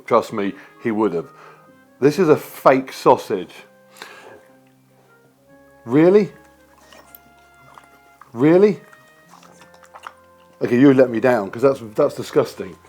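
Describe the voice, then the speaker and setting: Male vlog host, mid-pitched voice, jokey chatty delivery, for a food taste-test. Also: moderate pace, a little mellow, soft background music. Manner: playful, chatty, joking. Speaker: vlogger host.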